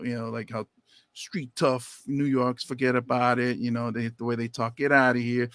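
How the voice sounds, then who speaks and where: A man co-hosting a podcast, telling stories in casual chat and jumping into high quoted voices. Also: fairly bright tone, dry recording, studio quality. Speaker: podcast co-host.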